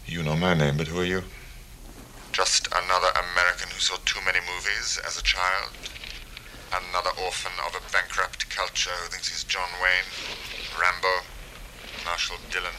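A suave villain with a European accent, speaking in a very deep, sharp-edged voice full of cold disdain. His tone stays smooth and controlled. Faint ambience hums behind him in this film clip. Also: flat delivery, normal speed, slight background noise, rough recording. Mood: cold, mocking. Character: suave, menacing male terrorist leader, cold and sophisticated.

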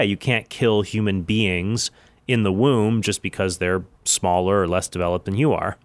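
With a fairly low pitch and a fairly bright, clear, resonant tone, a man chats casually on his solo podcast from his office, dropping in lots of asides. No room sound is audible.

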